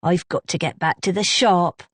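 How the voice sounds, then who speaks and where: A woman's voice: lowish voice, normal speed, husky, dry recording. A woman voicing a curt, offhand young man working in a bakery. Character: young male shop assistant, curt and offhand.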